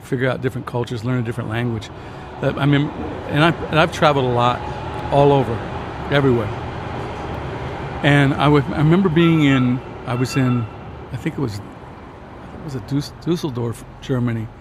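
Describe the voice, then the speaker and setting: A man's voice: mid-range voice, moderate pace, background noise. Chatty man in his fifties. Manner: chatty storyteller, jumps between anecdotes. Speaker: guest, guitarist. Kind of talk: casual conversation. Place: outdoor restaurant patio at night.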